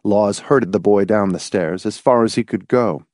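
An audiobook narrator, a man with a voice on the low side, reads a novel in expressive storytelling style at normal speed. It's scripted narration in clean studio sound with no room sound.

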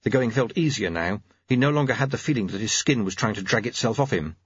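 A man's voice: mid-range voice, expressive, fast talker, husky. A man narrating an audiobook in a dry, wry storytelling manner on a dull, lo-fi recording. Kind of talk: scripted narration.

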